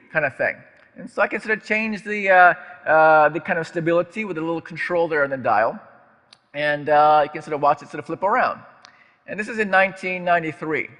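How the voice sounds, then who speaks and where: Guy giving a talk in a big echoey hall, bright tone, kinda rambly and self-mocking. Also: high-pitched. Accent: American. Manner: chatty, self-deprecating, many fillers and restarts. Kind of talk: stage talk to a live audience. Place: large lecture hall. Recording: long hall reverb.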